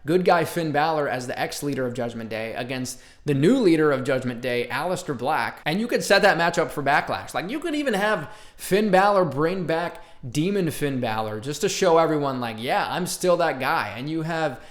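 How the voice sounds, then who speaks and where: A young man riffing through a casual solo commentary, joking and sometimes breaking into excited hype. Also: a little high, normal speed, hardly any pauses, roomy sound. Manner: jokey, bursts into excited hype. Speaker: wrestling commentary YouTuber.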